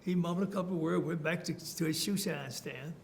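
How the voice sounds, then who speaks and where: Older man, oral history interviewee, fairly high voice, rambling storytelling with chuckles, faint rumble behind. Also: a little fast, vocal fry. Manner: storytelling, chuckling, many fillers and restarts.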